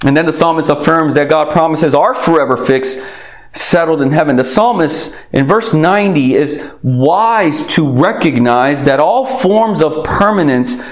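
A man preaching a sermon in an earnest tone, pausing to stress his words. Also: on the high side, echoey room. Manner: earnest, slow emphatic phrasing with many pauses. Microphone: recorded for video.

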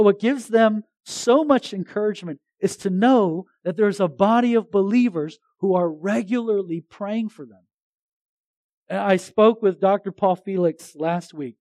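A man preaching a sermon as pastor, talking to his congregation in a conversational, animated way with frequent restarts. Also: sits high, no echo.

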